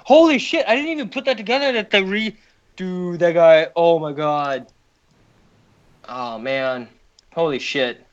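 A man's voice: fairly high pitch, measured pace, pauses often, highs cut off. A young man co-hosting a podcast in casual chat, sarcastic and profane, ranting with swearing. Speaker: podcast co-host.

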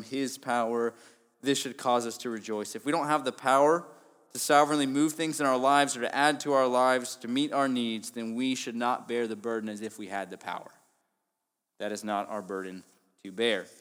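An earnest young male pastor preaching a sermon with a mid-range voice. He drops to quiet, soft phrases and then rises to emphatic lines. The sound carries a long reverb from a church hall. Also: mid-range voice. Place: church sanctuary.

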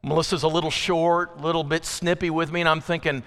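A man's voice: a little high, fairly even intonation, quick pace, a bit bright. A middle-aged American man preaching a conversational sermon in a church, telling everyday stories with acted asides. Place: church sanctuary. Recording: reverberant church hall.

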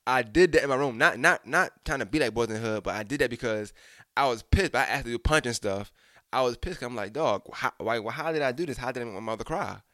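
Speaking directly to his audience, a young man recounts a personal story in a frank, casual way with plenty of profanity. His voice is low-leaning but fairly bright, captured in a dry, clean studio recording.

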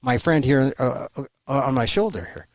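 An emphatic man talks as an interview guest over a remote link, his pitch leaping around with animation. He restarts phrases often as he pushes his points. The sound is close and dry. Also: lively intonation, normal speed, dry recording. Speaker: guest commentator.

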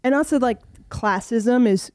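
A woman's voice: a little high, a little slow, no echo, clean studio sound. A young woman, a comedian, chatting casually with frequent "like" fillers. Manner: chatty, lots of "like" fillers, animated. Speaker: comedian guest. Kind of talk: casual podcast chat.

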